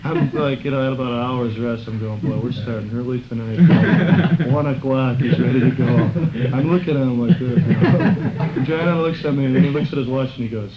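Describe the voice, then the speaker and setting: A man's voice: mid-range voice, brisk, a loud crowd. Middle-aged man, casual storyteller, rambling delivery, mid-range voice, slightly dull lo-fi recording. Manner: rambling, many fillers; acts out quotes in a raised voice. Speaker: interviewee recalling a friend. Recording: muffled recording with clear background noise.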